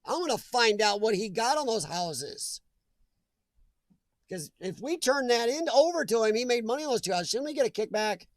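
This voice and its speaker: A man's voice: very high voice, big pitch swings, moderate pace, dry recording. A man hosting a live chat stream, chatting casually and jokingly with viewers and reading their comments aloud, laughing often.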